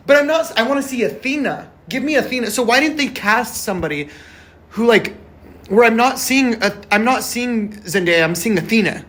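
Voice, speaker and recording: A man's voice: sits high, animated, fairly quick, a bit bright. Male vlogger, passionate off-the-cuff rant, swears freely, restless and emphatic. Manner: rambling, emphatic, swears a lot; passionate, frustrated. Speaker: vlogger reviewing a film. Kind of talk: casual monologue to camera.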